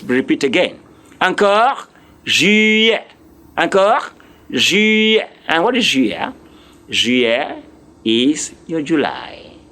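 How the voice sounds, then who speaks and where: A man teaching French, drilling words slowly, spelling them letter by letter and encouraging his learners. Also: a little high, fairly bright tone. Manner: encouraging, speaks directly to learners. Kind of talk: live online language lesson.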